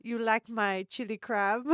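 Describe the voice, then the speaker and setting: A brash, bossy Singaporean woman at a club, played by a woman putting on the accent. She speaks in clipped, blunt bursts in a high, bright voice. The sound is close and dry. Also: dry recording. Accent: Singaporean, put on. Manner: clipped, blunt, sentence-ending "lah".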